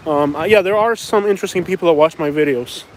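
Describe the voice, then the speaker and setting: A man from Florida with a Florida accent rambles through a casual live stream while walking outside at night. His voice sits a touch high, and he laughs often as he chats along. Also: quick pace, slight background noise. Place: outdoors at night in a small town.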